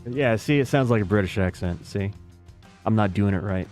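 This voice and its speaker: Casual American male streamer, lowish voice, rambling and self-mocking chat with viewers. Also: moderate pace, a little mellow, soft background music. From United States. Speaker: game streamer. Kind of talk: casual live-stream chat while playing.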